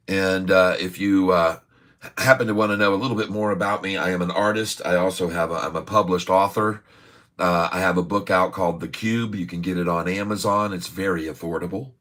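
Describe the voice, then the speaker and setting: Rambling, jokey stock-stream host with a bright voice. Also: male voice, deep voice, fairly even intonation, fairly quick. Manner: rambling and jokey, drifts between topics. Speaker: day-trading livestream host. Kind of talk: casual livestream stock commentary.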